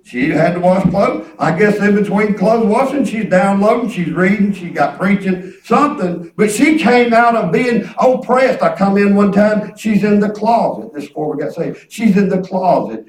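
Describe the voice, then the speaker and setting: High-voiced man preaching folksy, echoey. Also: animated, moderate pace, few pauses. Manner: folksy storytelling, repeats and restarts words. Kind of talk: conversational preaching. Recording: echoey room, distant mic.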